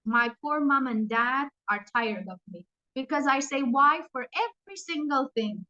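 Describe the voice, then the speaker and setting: A woman in her thirties, born in Iran and raised in England, with an English accent, speaking as an English teacher who answers students' questions with lively, encouraging examples. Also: high-pitched, moderate pace, lo-fi sound. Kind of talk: online Q&A with students.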